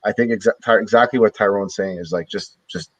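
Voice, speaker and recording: A man from Canada hosting a relaxed podcast interview. His voice is on the low side, and he talks loosely, peppering his sentences with "you know" and "like". The sound is dry, with no room echo. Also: fairly quick, highs cut off. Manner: loose and conversational, many "you know" and "like" fillers. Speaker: podcast host.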